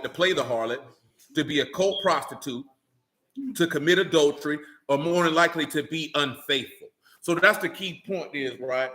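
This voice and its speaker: A man's voice: a little high, sharp tone, rough recording. A man delivering an informal sermon, mixing blunt street slang with scripture reading and questions to his listeners. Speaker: teacher of a religious assembly.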